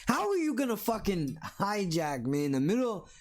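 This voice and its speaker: A man's voice: high-pitched, big pitch swings, normal speed, slight background noise. A man hosting a solo podcast, ranting bluntly and sarcastically with plenty of swearing. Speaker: podcast host.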